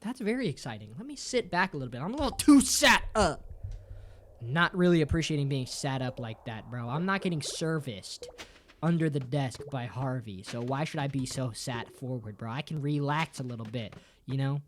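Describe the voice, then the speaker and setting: A streamer with lively intonation talks fairly quickly, chatting casually and playfully with viewers, swearing a lot and ending sentences with "bro." His jokey delivery jumps widely up and down in pitch, and there is a little hiss or hum.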